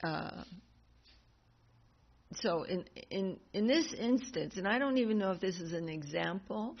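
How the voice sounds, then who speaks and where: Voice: medium pitch, animated, measured pace, creaky. A speaker teaching a devotional class, telling stories in a rambling, chatty way with frequent laughs and self-corrections. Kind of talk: casual storytelling in a devotional class. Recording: dull lo-fi class recording with faint noise.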